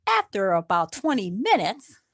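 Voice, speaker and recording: A woman's voice: medium pitch, huge pitch swings, measured pace, slightly rough, dry recording, studio quality. A woman improvising a toy story, narrating with halts and restarts.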